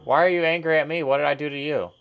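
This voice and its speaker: A man's voice: on the high side, fairly even intonation, very fast, gravelly, highs cut off, faint music behind. A man hosting a casual stream, ranting crudely with lots of swearing while watching videos. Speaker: streamer host.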